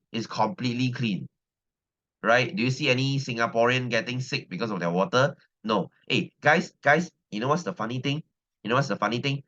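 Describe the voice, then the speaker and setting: A man's voice: medium pitch, pushed and bright, highs cut off. A science teacher from Selangor with a Malaysian English accent, chatting casually with his class, repeating himself and checking in with "right?". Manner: chatty, repeats phrases, keeps asking "right?". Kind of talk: casual class talk with students.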